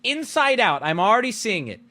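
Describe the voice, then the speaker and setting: A man streaming tells his chat a story in a casual, animated way at a moderate pace, swinging between loud outbursts and low mutters. There's no echo.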